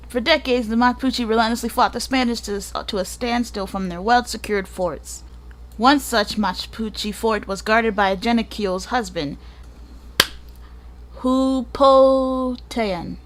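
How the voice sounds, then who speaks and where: A woman reads a history book aloud in a casual way, with a voice of ordinary pitch for a woman. She keeps stopping for playful, jokey asides. She stumbles over unfamiliar names and tries them again. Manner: playful, breaks off reading for joking asides and laughs; stumbles over and repeats hard names and words. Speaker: gaming channel host.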